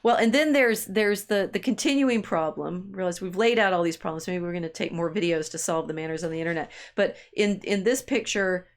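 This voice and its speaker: A woman's voice: fairly low pitch, brisk, few pauses. A woman co-hosting a casual discussion podcast, thinking aloud with many restarts and side remarks. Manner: rambling, frequent restarts and hedges, laughs easily. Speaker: podcast co-host.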